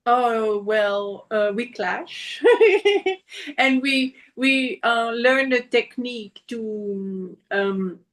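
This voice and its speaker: Very slow, hesitant woman. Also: on the high side, fairly bright tone. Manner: hesitant, halting, searching for words. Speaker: guest. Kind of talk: casual podcast chat.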